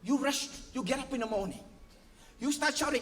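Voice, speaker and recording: The pastor's sermon rings through a large church hall with long reverb, his very high, piping voice fairly quick and a bit bright, with slight background noise. He poses call-and-response questions to the congregation and plays out everyday family scenes using playful imitated voices and sound effects.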